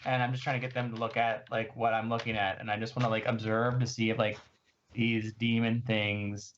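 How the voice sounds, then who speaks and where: A man's voice: lowish voice, little pitch movement, a little fast, fairly bright tone, slight background noise. A man playing in a tabletop game, talking in a rambling, self-correcting way. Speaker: player. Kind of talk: casual tabletop play. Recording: dull lo-fi sound.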